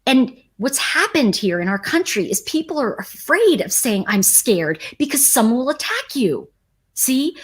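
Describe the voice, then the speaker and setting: Husky woman doing a livestream, talking to chat, pitch jumps all over, kinda rambly. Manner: animated, emphatic, rambling. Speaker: livestream host. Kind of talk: casual talk to a live chat audience.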